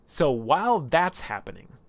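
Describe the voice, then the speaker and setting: A man casually retelling a tabletop campaign on a live stream, rambling and animated, with lots of filler and swearing. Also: a little high, unhurried, dry recording.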